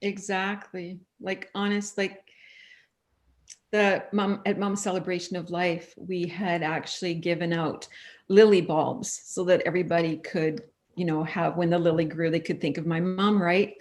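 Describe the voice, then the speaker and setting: A woman, a guest author, chatting casually on a live show and telling stories with lively, acted-out quotes. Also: fairly low pitch, moderate pace. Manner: animated storytelling, acting out quoted voices. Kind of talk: casual chat.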